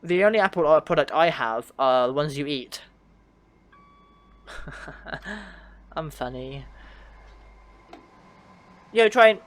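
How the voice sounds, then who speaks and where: A man's voice: fairly high pitch, lively intonation, slow pace, pauses often, dry recording. A man streaming a train simulator, chatting casually and answering his chat with frequent laughs. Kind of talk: casual livestream commentary.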